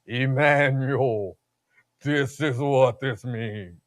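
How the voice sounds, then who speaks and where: A man putting on a deep, shaky voice for God, speaking slowly. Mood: solemn.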